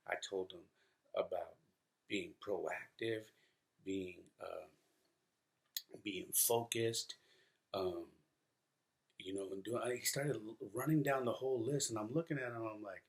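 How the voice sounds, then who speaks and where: A man's voice: deep voice, steady tone, a little slow, creaky. A man in his thirties hosting a casual podcast, rambling through stories with fillers and restarts and acting out his sons' quoted words. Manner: acts out quoted voices of his sons. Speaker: podcast host. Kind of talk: casual solo podcast talk.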